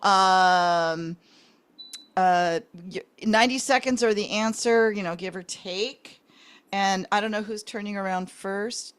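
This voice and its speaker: A woman's voice: lowish voice, smooth. A woman hosting a casual online charades game over a video call, chatty and fumbling with the setup as she goes. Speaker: host.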